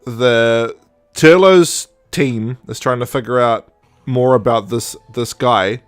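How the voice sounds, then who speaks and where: A man hosting a podcast, recapping a story in a casual, animated way, laughing often and slipping into quick character voices. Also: mid-range voice, soft background music. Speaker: podcast host. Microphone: podcast microphone.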